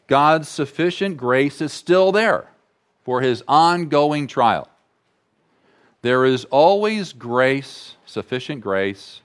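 A man preaching a sermon as pastor, slow and deliberate, repeating key phrases for emphasis. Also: medium pitch.

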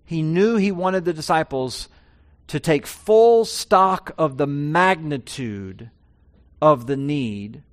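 A man preaching a sermon, his voice swelling loud and high on key points and dropping low and quiet on others. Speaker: pastor.

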